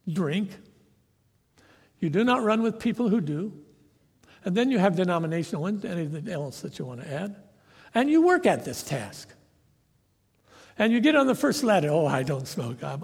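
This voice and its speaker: A man with a fairly high, slightly husky voice delivers a sermon, acting out the people in his story. His voice rings through the long reverb of a large hall. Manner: storytelling with acted-out quotes. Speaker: preacher and professor. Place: church sanctuary.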